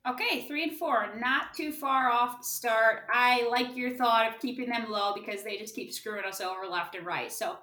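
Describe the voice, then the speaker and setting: A woman's voice: on the high side, moderate pace, few pauses, bright, forceful tone. A woman co-hosting a podcast in upbeat, agreeable casual chat. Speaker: podcast co-host. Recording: echoey room.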